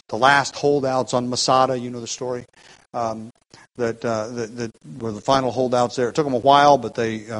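A man's voice: medium pitch, rough recording. A man teaching the Bible, explaining at length and thinking aloud with frequent restarts.

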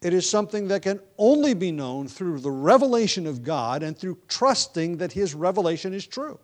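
Measured male Bible teacher, slightly high. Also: big pitch swings. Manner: measured, deliberate, slows to stress key words; occasional ums and self-corrections. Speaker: preacher.

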